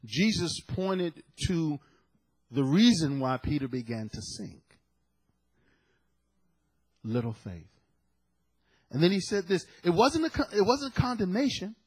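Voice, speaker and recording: A man's voice: high voice, very animated, slow, long pauses, husky. A male preacher delivering a sermon, emphatic and dramatic, repeating key phrases for effect. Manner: dramatic storytelling with sudden loud peaks.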